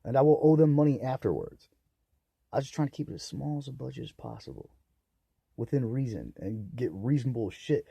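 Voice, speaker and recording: A young man ranting angrily on his own, profane and bitter, swinging into loud outbursts. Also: medium pitch, animated, brisk, gravelly, husky, no echo. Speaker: vlogger. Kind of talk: angry solo rant to camera.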